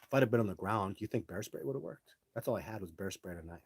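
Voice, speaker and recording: A middle-aged man hosting a live show, telling his own stories casually and answering viewer questions in an animated way, with some swearing. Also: lowish voice, racing, gravelly, slightly rough, no echo.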